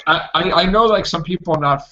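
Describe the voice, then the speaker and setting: A man hosting a casual chat show, talking in an animated way. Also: fast, background noise. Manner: animated, jumping pitch when joking. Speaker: show host. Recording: dull lo-fi recording.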